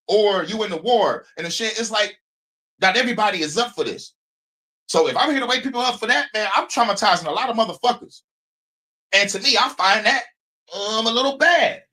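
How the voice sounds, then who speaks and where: A man is talking on his own livestream, loose and rambling, swearing freely and laughing between thoughts. His voice sits high and bright, and it swings up and down with lots of expression. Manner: rambling and profane, with frequent laughs. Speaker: streamer host. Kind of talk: casual livestream monologue.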